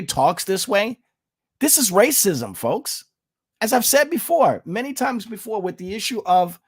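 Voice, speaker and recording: A man from the United States delivers an opinionated commentary vlog in a somewhat high-pitched voice. He is emphatic and repetitive, and he speaks straight to his viewers, calling them folks. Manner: emphatic, repeats himself, addresses viewers as folks. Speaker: political commentator.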